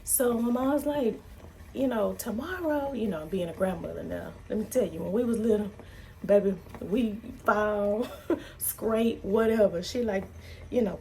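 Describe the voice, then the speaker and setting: Woman vlogger, thirties, casual story time, lively quoting, slight fry, mid pitch. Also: normal speed, slight background noise. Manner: animated, acts out quotes with big pitch jumps.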